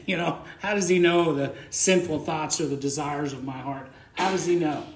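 A man's voice: a little high, moderate pace, roomy sound, a little hiss or hum. A man preaching a conversational sermon as pastor, plain-spoken and folksy, often repeating words as he thinks aloud.

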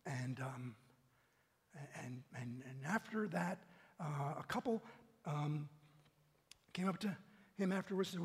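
A man preaching a sermon and leading prayer as pastor, animated and emphatic, repeating words as he builds. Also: fairly high pitch, a little slow, long pauses, slightly rough, long reverb tail.

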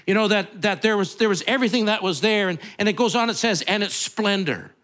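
A man's voice: sits high, fast talker, a bit bright. A male pastor, preaching in a conversational, rambling way full of asides and restarts. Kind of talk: sermon.

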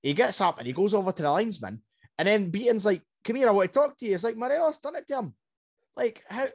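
Animated Scottish man ranting about football. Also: high-pitched, vocal fry, no echo. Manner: animated, rambling, repeats words. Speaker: podcast co-host. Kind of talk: casual football chat.

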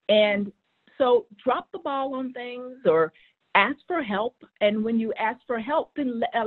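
A middle-aged woman is a guest on a show, recounting a family story with animated energy. She often stumbles over the first words of a sentence, repeating them before carrying on. Her voice comes through a thin, phone-like line. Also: a little high. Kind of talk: conversational storytelling.

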